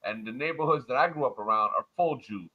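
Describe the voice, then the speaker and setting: A man from Montreal ranting crudely and loudly in a casual livestream chat. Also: mid-range voice, fast. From Montreal, Canada. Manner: loud, profane, swaggering rant. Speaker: livestream panel guest. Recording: muffled lo-fi online audio.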